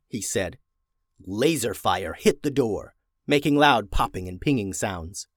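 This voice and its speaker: A man reading a children's adventure story aloud, expressive and slowing down for suspense. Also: medium pitch, dry recording, studio quality.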